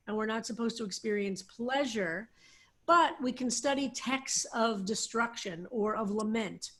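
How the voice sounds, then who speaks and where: Over a video call, a woman rabbi teaches a psalm class, explaining slowly with many fillers and restarts. Her voice is fairly high in pitch.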